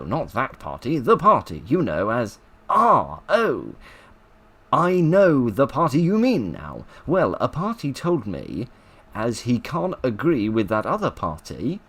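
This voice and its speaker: A man voicing a gossipy working-class Cockney man with rambling, flustered chatter. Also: medium pitch.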